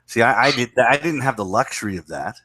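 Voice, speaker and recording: A man's voice: mid-range voice, expressive, fairly quick, pushed and bright, breathy edge, dry recording. A man in a casual chat, explaining his views at length and repeating himself. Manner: lecturing, repetitive explaining. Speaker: podcast co-host.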